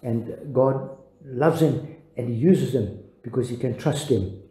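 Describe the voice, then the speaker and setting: An older man, a pastor, giving a devotional sermon in an earnest, halting way with frequent restarts. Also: medium pitch, dark tone, roomy sound, rough recording.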